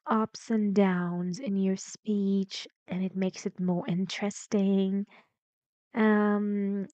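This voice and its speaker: A woman explaining English pronunciation in a recorded online lesson, slow and explanatory with fillers. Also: mid-range voice, mellow, dry recording. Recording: dull lo-fi dry recording.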